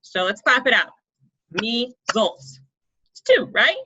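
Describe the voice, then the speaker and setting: A woman's voice: fairly high pitch, big pitch swings, fairly quick, bright, forceful tone, slightly rough. A young woman coaching kids through an online poetry lesson, explaining step by step and checking in often. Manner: encouraging, explains step by step, checks in with "right?" and "okay?". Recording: dull lo-fi sound.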